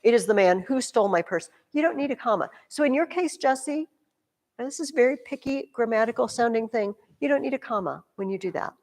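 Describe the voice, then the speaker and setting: Woman teacher, animated classroom delivery, slightly high voice, long classroom reverb. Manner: animated, talks directly to students with quick asides. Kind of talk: classroom grammar lesson. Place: large classroom with a reverberant sound.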